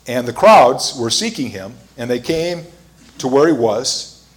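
A man preaching a sermon, telling a story with fillers and restarts and getting louder as he retells scenes. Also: mid-range voice, animated, a little slow. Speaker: pastor.

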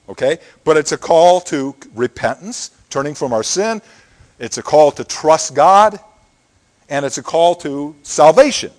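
A middle-aged man preaching a sermon in a conversational way, often checking in with "okay?". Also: on the high side. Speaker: pastor.

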